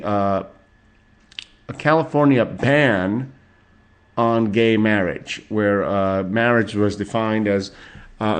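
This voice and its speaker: A man's voice: fairly low pitch, clean tone. A man in his forties hosting a solo podcast, reading out celebrity birthdays with rambling, profane asides and chuckles. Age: 40s. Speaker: podcast host.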